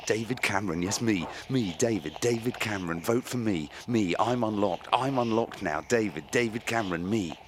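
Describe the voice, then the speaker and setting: A man's voice: lowish voice, normal speed, few pauses, a little hiss or hum, lightly acted. A man voicing a haughty prime minister caricature who repeats catchphrases in comedy game voice lines. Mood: pompous. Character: pompous posh male prime minister caricature.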